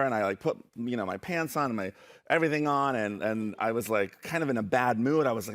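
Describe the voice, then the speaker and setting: A man's voice: mid-range voice, quick pace. A young adult man telling funny personal stories and reading poems at a live show, playful and self-mocking, often laughing through his lines. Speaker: spoken word poet and storyteller. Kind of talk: live comic storytelling and poetry reading.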